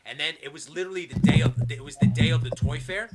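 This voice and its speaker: A man's voice: on the high side, animated, over music. A man hosting a podcast, casually telling rambling, profane stories over a video call. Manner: fast, rambling storyteller, swears a lot. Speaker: podcast host. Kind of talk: casual chat.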